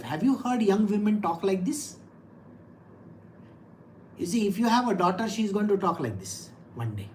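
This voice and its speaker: A woman's voice: medium pitch, lively intonation, moderate pace, darkish tone, a little hiss or hum, poor audio. Woman giving a direct scripture talk. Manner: direct, questioning the audience. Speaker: spiritual teacher. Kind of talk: scripture discourse.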